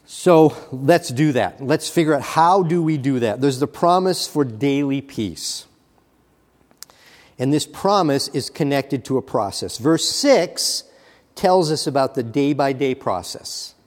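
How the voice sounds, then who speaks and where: A man's voice: mid-range voice, animated. Man preaching in a reverberant hall. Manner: earnest, rising to fervent emphasis; halting restarts and fillers. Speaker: pastor. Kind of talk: sermon.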